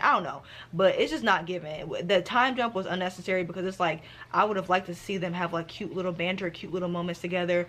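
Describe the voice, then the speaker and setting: A woman vlogging about her reading, talking in an animated, sassy, slang-filled way as she reviews a book. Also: medium pitch. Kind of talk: casual book review chat.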